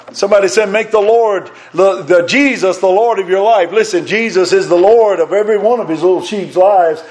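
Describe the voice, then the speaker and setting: A man preaching a sermon, swinging between loud, fervent passages and hushed ones. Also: high-pitched.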